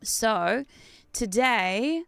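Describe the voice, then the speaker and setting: An Australian woman streaming a game, chatting casually with viewers in an excitable, talkative way and laughing often. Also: fairly high pitch, drawn-out words, creaky, clean tone, no echo, clean studio sound. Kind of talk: casual gameplay chat with viewers.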